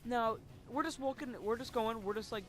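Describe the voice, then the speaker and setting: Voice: medium pitch, normal speed, a bit bright. A casual storyteller recounting a story over gameplay, rambling with lots of fillers and casual swearing.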